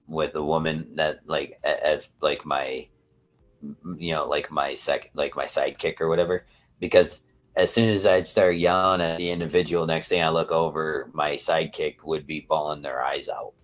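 A man's voice: very deep voice, fairly even intonation, normal speed. A man hosting a casual livestream, rambling and swearing as he talks to his viewers. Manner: rambling, profane, talks to chat. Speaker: livestream host.

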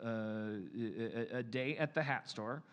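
A man's voice: mid-range voice, slow pace, heavy background noise. A man hosting a live comedy podcast on stage, rambling and stammering playfully through his banter. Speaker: podcast host. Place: live theater stage with audience.

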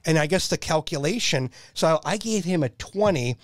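Man, 50s, animated storyteller, laughs a lot, fairly high voice, dry close sound. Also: moderate pace, dry recording. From Nebraska. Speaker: podcast guest, military veteran. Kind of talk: casual storytelling.

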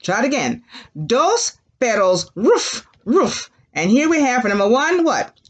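A woman's voice: on the high side, sing-song, normal speed. A woman teacher leading young children through a language lesson, with sing-song call-and-repeat drills and playful animal sounds.

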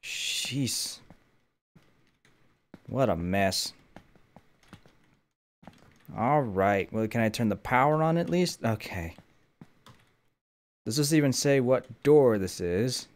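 A young man running a gaming channel plays while wearing a headphone mic, keeping up jokey running commentary to himself. His mid-range voice is expressive and slow, with long pauses.

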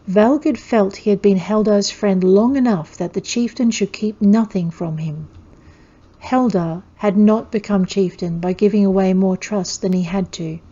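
A woman author reading her own fantasy story aloud in a measured, steady storytelling manner. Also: mid-range voice, dull audio. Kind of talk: scripted fantasy narration.

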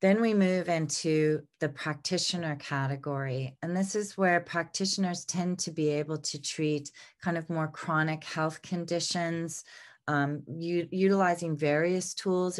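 A middle-aged woman with a low voice gives an unscripted lesson as she works through her slides. She sounds a little congested and often pauses on ums and restarts as she looks for the words. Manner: unscripted, many fillers and restarts. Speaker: aromatherapy teacher.

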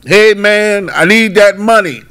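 Man voicing desperate male friend, demanding, insistent, somewhat high voice. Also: a little slow, bright, forceful tone, clear, resonant tone, exaggerated voice. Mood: angry. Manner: pleading, then cussing. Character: desperate, pleading-then-angry male friend.

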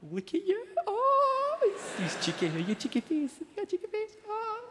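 Guy doing a high squeaky baby-talk coo, swooping all over, live in a big hall. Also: wildly swooping pitch, normal speed, background noise, heavily acted. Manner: sing-song cooing, very high swoops. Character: gushing adult cooing baby talk at an infant. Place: theatre stage before a live audience. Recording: large hall with loud audience laughter.

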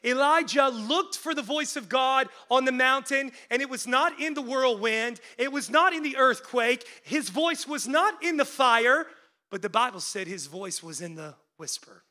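High, bright-voiced male preacher. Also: expressive, moderate pace. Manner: preaching that swings between loud urgent peaks and hushed lows; conversational asides with frequent "like" fillers. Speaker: pastor. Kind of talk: sermon.

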